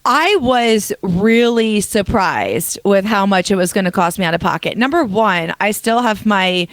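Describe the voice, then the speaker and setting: A young woman co-hosting a podcast, telling an animated story in casual chat and over-explaining as she goes. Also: mid-range voice, unhurried, no echo. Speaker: podcast co-host.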